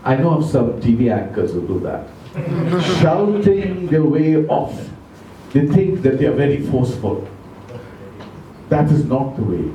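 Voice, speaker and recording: A man with an Indian English accent giving a measured, emphatic talk on public speaking to a club audience. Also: mid-range voice, sing-song, warm tone, far from the mic, slight background noise. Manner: measured, emphatic, slows down to stress words. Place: large club meeting room. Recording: echoey room, speaker off mic.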